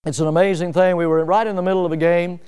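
Preacher guy, folksy sermon, loud then soft, high clear voice. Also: fairly even intonation, fast talker. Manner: preaching with sudden loud rises and soft drops; folksy storytelling with fillers. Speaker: pastor.

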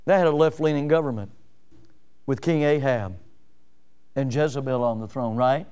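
A man pastor preaching a sermon in an animated, emphatic way, full of rhetorical questions. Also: mid-range voice, normal speed, smooth.

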